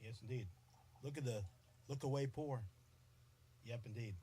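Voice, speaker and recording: A man's voice: mid-range voice, very animated, unhurried, long pauses, a bit bright, husky. A man hosting a live podcast, chatting playfully with commenters and often breaking into giggles. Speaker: podcast host. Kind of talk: casual live-stream chat.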